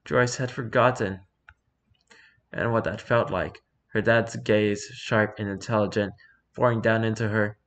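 A man with a lowish voice narrating a story aloud. His reading is calm and measured, letting the sentences settle.

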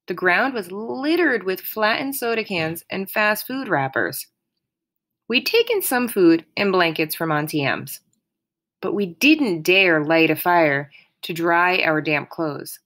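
Give me a woman reading a storybook chapter slowly, with a lively, expressive voice. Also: on the low side. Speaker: audiobook reader. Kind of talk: audiobook narration.

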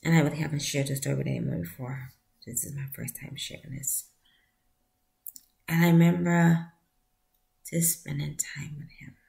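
A woman giving a heartfelt personal testimony, speaking softly and often dropping to a breathy near-whisper, with earnest appeals to the listener. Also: deep voice, steady tone, normal speed, long pauses. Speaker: vlogger sharing a personal story.

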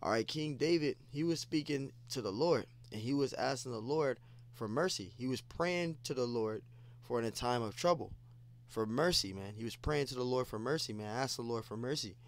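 A man's voice: mid-range voice, moderate pace. A man giving an informal scripture lesson, repeating phrases and peppering his talk with "man" and "you know.". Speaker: preacher.

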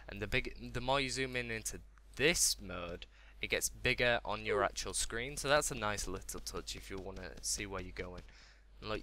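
Young male gamer, excitable and exclamatory, very bright, lively pitch. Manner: excitable, exclamatory, talks to himself. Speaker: gaming video host. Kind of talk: let's play commentary.

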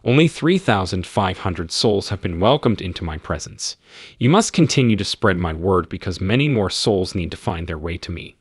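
Guy reading a calm fatherly lord, low husky voice, patient and reassuring. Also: normal speed, dry recording, studio quality. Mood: gentle. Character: gentle, patient divine male Lord.

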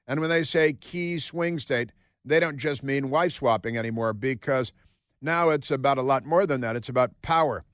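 A man's voice: mid-range voice, normal speed, fairly bright tone, no room sound. A man hosting a talk radio show, delivering a sarcastic, rambling opinion monologue in a studio. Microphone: studio microphone.

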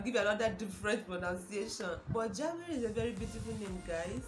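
A young woman with a Nigerian accent talks to camera in an excited, gushing way, repeating herself and exclaiming often. Her voice sits at an ordinary middle pitch. The room is roomy and echoey, with music playing clearly behind her. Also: fast talker, few pauses. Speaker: vlogger. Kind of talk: casual chat to camera.

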